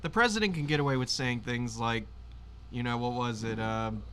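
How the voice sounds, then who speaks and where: A man's voice: mid-range voice, normal speed, fairly bright tone, a little hiss or hum. Conversational man co-hosting. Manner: conversational, hesitant with fillers. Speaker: live stream co-host. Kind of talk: casual political chat.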